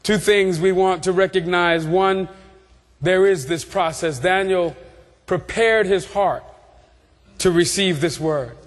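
A man preaching a sermon with passion, building through repeated phrases and rising to shouts. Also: high voice, slow. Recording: long reverb of a large hall.

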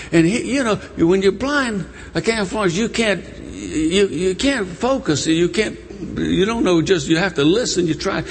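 A man preaching a storytelling sermon, animated and emotional as he retells a story. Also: on the high side. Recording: long church reverb.

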